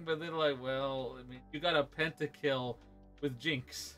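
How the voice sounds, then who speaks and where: A man hosting a casual livestream interview from his room, easygoing and halting, with frequent uh-huhs and restarts. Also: fairly high pitch, steady tone, pushed and bright, faint music behind. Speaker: show host. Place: home room.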